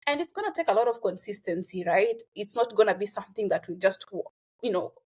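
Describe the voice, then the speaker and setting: A young woman from Kenya, talking earnestly as a guest in a casual conversation and filling pauses with "you know" and "like.". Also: medium pitch, expressive, a little mellow, breathy edge. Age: young adult.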